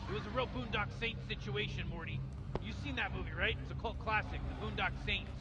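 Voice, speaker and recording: A man's voice: sits high, fast talker, lo-fi sound, natural voice. A man voicing Rick, a careless old mad scientist who rambles through his plans and brushes off worries, as a fan impression over gameplay. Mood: dismissive. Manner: rambling, dismissive.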